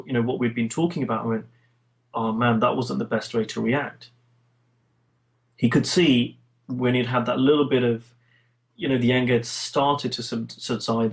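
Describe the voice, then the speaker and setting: British coach guy in an interview, reflective, lots of little restarts, mid-pitch voice. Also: poor audio. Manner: reflective, many restarts and repeated words. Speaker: coach, guest. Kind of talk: interview conversation.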